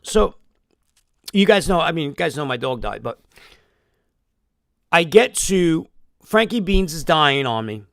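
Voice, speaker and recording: A man's voice: a little high, sing-song, a little slow, creaky, long pauses, a bit bright, dry recording, clean studio sound. A man telling a long emotional story in a rambling live-stream monologue, swearing often.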